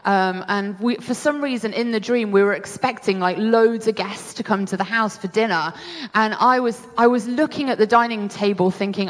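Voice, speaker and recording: A woman's voice: medium pitch, fairly quick. Woman, British accent, sermon, earnest and conversational, frequent restarts, long hall reverb. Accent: British English. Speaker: preacher.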